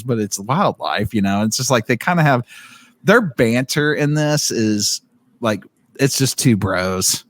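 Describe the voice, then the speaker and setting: A man's voice: medium pitch, dry recording, studio quality. A man co-hosting a book podcast, talking in a rambling, enthusiastic way with lots of fillers. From living in Indiana. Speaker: podcast co-host. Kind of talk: casual book discussion.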